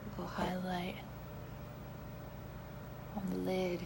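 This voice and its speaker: A woman's voice: lowish voice, monotone, takes it slowly, vocal fry, background noise. A young woman chatting playfully with viewers on a phone livestream while doing her makeup. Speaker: beauty vlogger. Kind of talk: casual livestream makeup chat.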